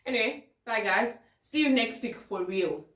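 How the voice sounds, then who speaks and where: A woman hosting her own podcast in casual solo talk, animated and emphatic, repeating words for stress. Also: on the high side, moderate pace, very noisy. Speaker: podcast host. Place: outdoors at sunset. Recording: roomy, a bit far from the mic.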